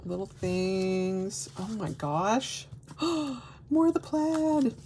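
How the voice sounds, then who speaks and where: A woman vlogger unboxing mail in a casual chat, gushing and excitable with frequent gasps and exclamations. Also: medium pitch, extremely slow, a little hiss or hum. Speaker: crafting vlogger.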